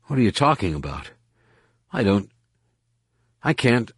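A man voicing a young man in pain in an audiobook, speaking in a raspy, strained, breathless voice. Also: lowish voice, sing-song, a little slow, no echo, studio quality, heavily acted. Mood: strained pleading. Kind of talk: audiobook narration.

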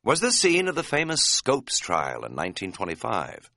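A man narrating an audiobook in a wry, deadpan way. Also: mid-range voice, normal speed, creaky, no echo, studio quality.

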